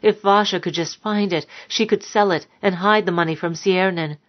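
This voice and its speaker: A woman narrating a dark story in a measured, somber way, on a dull lo-fi recording. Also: fairly low pitch. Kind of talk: audiobook narration.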